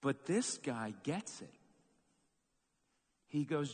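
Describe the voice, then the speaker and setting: A man preaching a sermon as pastor, telling a story with lively, acted-out moments. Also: fairly high pitch, a little slow. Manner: animated storytelling, acts out quoted shouts. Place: church sanctuary. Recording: long church hall reverb.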